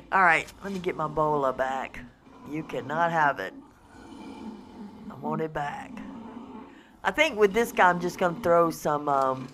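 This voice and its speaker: Lively, unhurried woman gaming host. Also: sits low, a little hiss or hum. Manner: chatty, talks to in-game animals, coaxing and excitable. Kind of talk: casual let's-play commentary.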